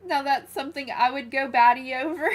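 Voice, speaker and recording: A woman chatting casually on a live game stream from her room, soft-spoken and giggly, gushing over cute things. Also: high-pitched, a little fast. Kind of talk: casual livestream chat while playing. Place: her own room, small fan running beside her.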